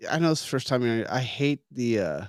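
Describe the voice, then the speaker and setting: A man's voice: mid-range voice, lively intonation, brisk, no room sound, clean studio sound. A middle-aged man co-hosting a casual chat over drinks, rambling and laughing easily. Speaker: podcast co-host.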